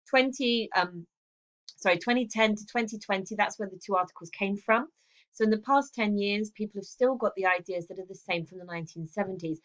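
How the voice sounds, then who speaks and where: Woman, mid-pitched, English teacher talking students through revision notes, explanatory, lots of "okay". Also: a bit bright. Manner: explanatory, checks in with frequent "okay" and "um". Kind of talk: recorded revision lesson.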